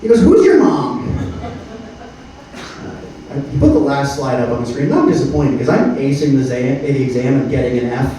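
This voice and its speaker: A man in his thirties performing a stand-up comedy set on a club stage, deadpan, with frequent filler words. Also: mid-range voice, fast, hardly any pauses, slight background noise. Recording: roomy club sound from a distance. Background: faint room ambience.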